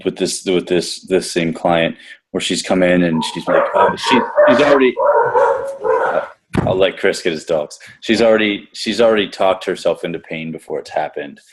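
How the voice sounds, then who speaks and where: A gym coach on a casual podcast goes on at length about a client in a low, expressive voice at a moderate pace. He rambles, restarts often, and swears casually, with a little hiss or hum under the recording.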